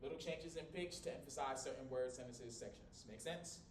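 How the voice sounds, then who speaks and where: This classroom lecture comes from a college instructor in a small room, captured from across the room without a mic, with echo and a low rumble. He talks fairly quickly and playfully, varying his volume and pitch widely as demonstrations.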